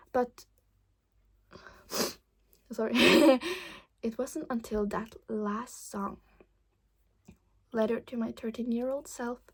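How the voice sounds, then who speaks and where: Teen girl vlogger, slow rambling chat, gravelly and slightly high, lots of restarts. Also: a little mellow. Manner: rambling, hesitant, many fillers and restarts. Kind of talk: casual chat.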